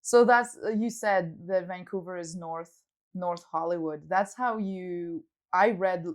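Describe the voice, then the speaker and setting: A woman's voice: lowish voice, unhurried. A woman in her thirties from Belgium with a French-speaking Belgian accent, co-hosting a podcast in casual chat, laughing often and using lots of fillers. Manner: laughing, agreeing, filler-heavy. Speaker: podcast co-host.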